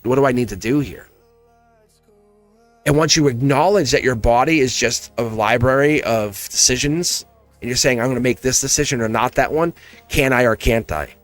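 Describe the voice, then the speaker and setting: A man's voice: medium pitch, fairly bright tone, dry recording. A man with a Southern accent, reading tarot on a casual livestream and talking straight to his viewers, laughing often. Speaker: tarot reader.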